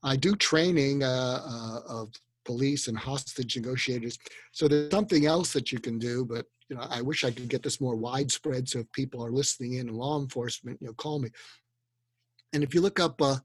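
A man's voice: mid-range voice, brisk, slightly rough, no room sound. A man as a guest in an interview, explaining advice earnestly, with restarts and quoted lines acted out. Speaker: guest expert on communication.

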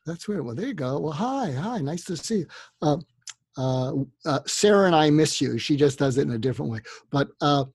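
A man's voice: on the high side, expressive, a little fast, darkish tone, slightly rough, no room sound. A man speaking as a therapist guest in a casual podcast conversation, acting out sample dialogues in a livelier voice. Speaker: psychotherapist guest. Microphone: remote call microphone.

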